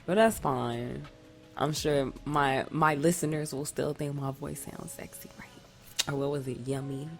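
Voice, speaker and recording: Very low, gravelly woman with a stuffy nose. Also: steady tone, measured pace. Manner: rambling, restarts often. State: stuffy nasal voice from a cold. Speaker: podcast co-host. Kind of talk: casual chat.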